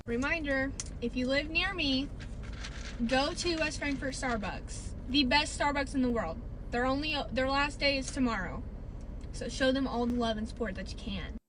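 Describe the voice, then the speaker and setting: A woman's voice: high-pitched, moderate pace. A young woman recording a drive-thru review from her car, talking in a gushing, emotional, casual way full of "like" and "literally". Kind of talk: casual chat. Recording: car and traffic noise behind.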